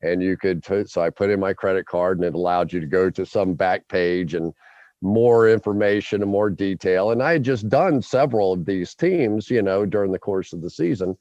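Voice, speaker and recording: A man hosting a podcast, telling a long story in an animated way and acting out his own quotes. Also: deep voice, normal speed, no room sound, dull audio. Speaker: podcast host.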